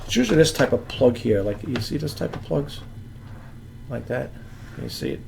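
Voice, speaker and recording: Gravelly-voiced man rambling through a product demo. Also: medium pitch, big pitch swings, brisk, noisy background. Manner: rambling, chatty, often restarts sentences and addresses viewers as folks and guys. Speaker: eBay seller vlogger. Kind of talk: casual product demo to camera.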